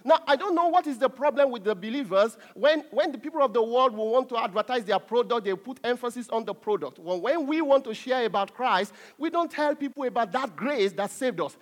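High-voiced emphatic male preacher. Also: animated, a little fast, few pauses. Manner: emphatic preaching, drops to soft asides, chuckles. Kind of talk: sermon.

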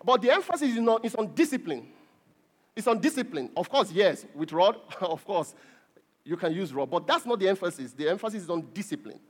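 A middle-aged man preaches with a high, bright voice. His pitch swings widely, leaping up on key words and sinking low on asides. He presses his points home with emphatic repetition. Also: very animated, a little fast. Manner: preachy, rising to emphatic peaks with repeated words. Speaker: pastor. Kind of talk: sermon.

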